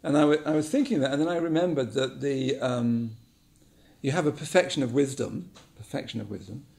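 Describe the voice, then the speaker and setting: Guy rambling thoughtfully in a talk, lots of ums, bit gravelly. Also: mid-range voice, brisk, darkish tone. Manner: musing, repeats words, many ums. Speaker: speaker giving a talk. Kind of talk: reflective spoken talk.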